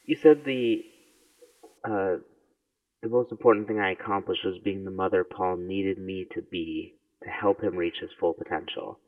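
Deep-voiced male interviewer, tinny. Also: fairly even intonation, moderate pace, no echo. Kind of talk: interview questions. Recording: distant, tinny phone-like sound.

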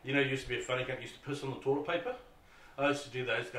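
A man's voice: mid-range voice, steady tone, very fast, a bit bright. A man with a New Zealand accent co-hosting a podcast, swapping profane, laughing anecdotes in casual chat. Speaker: podcast co-host. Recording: echoey room, mic at a distance.

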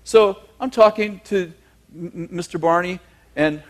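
High-voiced, animated preacher man. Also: measured pace. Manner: animated, chuckling storyteller with emphatic asides. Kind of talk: humorous sermon storytelling.

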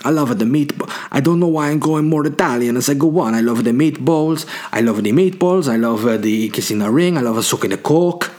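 A man's voice: a little high, fairly quick, hardly any pauses, a little mellow, voice pushed up, close to an everyday voice. A man doing a mock-Italian mafia-matriarch mum. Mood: grandiose. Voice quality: exaggerated mock-Italian drawl. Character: grandiose mafia-boss mother, woman, middle-aged, domineering.

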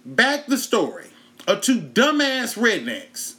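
Hosting a comedy show, a Texan comedian speaks in a high voice at a slow pace while telling a profanity-filled stand-up story. He narrates animatedly and cracks up laughing.

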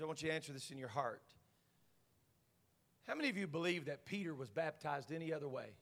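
A man, a senior pastor, preaching a Pentecostal sermon, dropping to quiet asides and then climbing to shouted proclamation. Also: fairly high pitch, long reverb tail. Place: church sanctuary.

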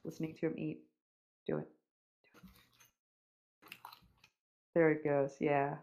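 A woman's voice: deep voice, flat delivery, measured pace, long pauses, a little mellow, lo-fi sound. A young woman hosting a casual podcast, reading out questions and teasing with a giggly manner. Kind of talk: casual chat.

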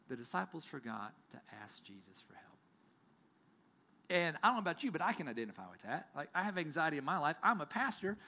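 A man preaching a sermon as pastor, telling stories with big swings from loud to near-whisper. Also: high voice. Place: church.

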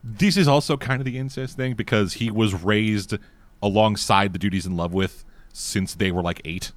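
A man's voice: fairly low pitch, moderate pace, dry recording. A man in casual podcast chat, talking crudely and animatedly and laughing often. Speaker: podcast co-host.

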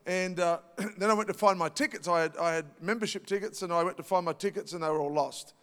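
A man's voice: high-pitched, fast, fairly bright tone, long reverb tail. A middle-aged Australian man preaching a sermon, telling a personal story in a chatty way with many fillers and restarts. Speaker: pastor.

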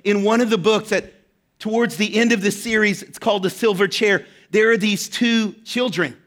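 A man's voice: sits high, moderate pace, a bit bright. A man preaching a sermon as pastor, impassioned, his voice rising when he speaks the quoted words. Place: church hall.

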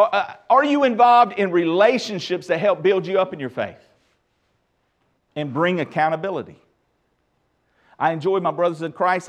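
A middle-aged man preaching a sermon as pastor, emphatic and lively with touches of humor. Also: a little high.

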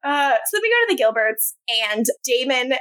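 Animated woman recapping a show. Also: high voice, normal speed, clear, resonant tone, no room sound, low-quality recording. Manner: animated storytelling, acting out characters' lines. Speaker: podcast host recapping a TV episode. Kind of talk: casual chat.

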